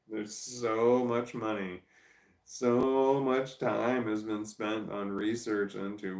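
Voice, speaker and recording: A man's voice: lowish voice, flat delivery, very slow, long pauses, darkish tone, echoey room. A tired man in a casual vlog, rambling and arguing with himself at home. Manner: talks to himself, argues with himself, laughs and sighs. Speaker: vlogger. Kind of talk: rambling self-talk vlog. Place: at home on a couch with his dog.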